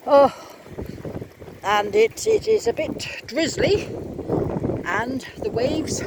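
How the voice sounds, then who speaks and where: A woman's voice: high-pitched, big pitch swings, very slow, pauses often. A woman chatting casually while walking her dog along a lakeshore, exclaiming often and rambling through asides. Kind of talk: casual spoken vlog. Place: lakeshore outdoors in drizzle and wind. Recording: loud wind noise on the mic.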